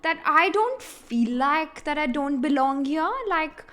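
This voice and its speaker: A woman's voice: sits high, expressive, takes it slowly, fairly bright tone. A woman hosting a podcast, chatting casually and sharing her own experience with lots of "like" fillers. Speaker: podcast host. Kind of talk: casual chat.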